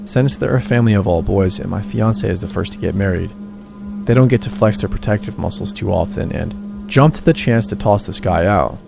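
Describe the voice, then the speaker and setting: Male narrator with a low, gravelly voice reading a horror story steadily over music. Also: brisk. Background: background music.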